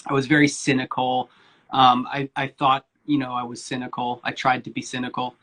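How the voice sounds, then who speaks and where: A man's voice: mid-range voice, monotone, a little fast, pushed and bright. A man in his forties candidly telling his personal story as a guest speaker, informal and sprinkled with swearing. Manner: candid and informal, swears casually, many fillers. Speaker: guest speaker, spiritual coach.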